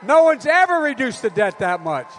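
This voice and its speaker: Older man, politician, shouting, very high strained pitch, crowd noise behind. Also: sing-song, moderate pace. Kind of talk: shouted campaign rally speech.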